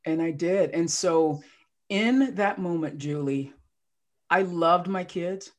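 Slow and fairly low-pitched, this woman is a life coach guesting on a relaxed podcast. She shares her personal story emotionally, bringing it to life by performing other people's quotes in an animated way.

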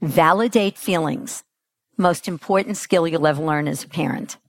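A middle-aged woman giving a motivational parenting talk to an audience. She acts out the quotes she tells, jumping her pitch for them. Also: normal speed, no echo, clean studio sound. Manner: animated, acts out quotes with big pitch jumps. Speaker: parenting coach speaker.

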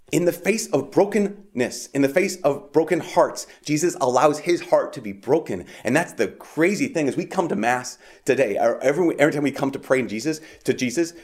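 A man preaching a homily at Mass in a conversational way, with frequent "like" and restarts, rising for emphasis and dropping soft on key lines. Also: a little high, animated, fairly quick.

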